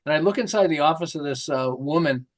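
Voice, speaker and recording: A middle-aged man, a marketing author, telling lively stories in an interview and acting out the quotes. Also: a little high, fast. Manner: lively, jokey, acts out quotes with laughs. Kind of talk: animated storytelling interview.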